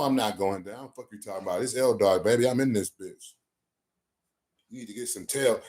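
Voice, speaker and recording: A man's voice: on the low side, fairly quick, darkish tone. A man doing rambling livestream banter, crude and trash-talking, answering his chat. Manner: sings off-key bursts of a ballad.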